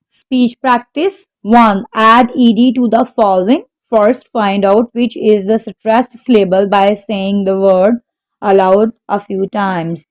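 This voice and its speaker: A woman teacher slowly reading out textbook exercise answers, carefully naming the stressed syllable of each word. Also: fairly high pitch, poor audio. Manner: slow, careful dictation, spelling out word stress. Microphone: home microphone.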